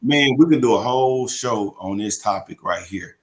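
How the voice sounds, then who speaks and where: Low-voiced man co-hosting faith podcast. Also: lively intonation, moderate pace. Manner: easygoing, reads viewer comments aloud, scripture quotes. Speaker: podcast co-host. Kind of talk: casual faith talk show chat.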